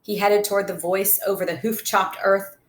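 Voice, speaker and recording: A woman reading a novel aloud in a steady storybook narration. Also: medium pitch, moderate pace. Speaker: reader. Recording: roomy echo.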